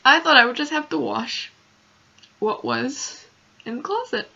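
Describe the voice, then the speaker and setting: Upset young woman vlogging, gravelly voice. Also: high voice, measured pace, sharp tone, dull audio. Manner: emotional, rambling, many "like" fillers. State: upset, close to tears. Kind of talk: casual storytelling vlog.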